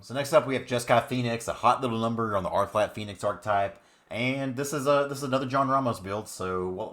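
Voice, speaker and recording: A man's voice: lowish voice, fairly bright tone. A man giving upbeat, chatty commentary on card game decks, with many fillers. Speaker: card game content creator. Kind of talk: casual deck commentary.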